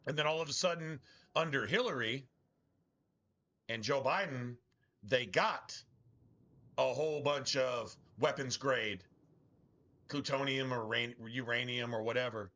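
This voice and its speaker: A man's voice: mid-range voice, measured pace, long pauses, bright, forceful tone, highs cut off. A middle-aged man chatting casually on a live game stream, rambling and profane, with strong opinions. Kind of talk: casual live-stream chat while gaming.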